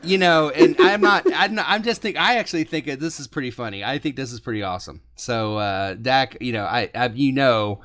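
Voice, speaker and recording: A man hosting a fan sports podcast, telling stories in a casual, animated way and laughing often. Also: mid-range voice, a little fast, hardly any pauses, a little hiss or hum. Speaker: podcast host.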